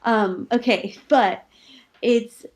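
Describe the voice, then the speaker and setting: A woman's voice: steady tone, extremely slow, darkish tone. A woman giving casual feedback on a comedy set, thinking aloud with many fillers and acting out suggested lines. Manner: thoughtful, many likes and ums, acts out pitch ideas.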